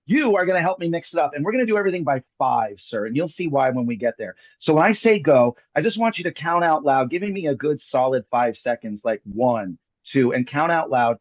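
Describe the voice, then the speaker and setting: A man's voice: on the high side, animated, a little fast, few pauses, dry recording, dull audio. A man hosting a live magic show, performing a card trick over a video call with jokey, theatrical patter. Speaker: magician host.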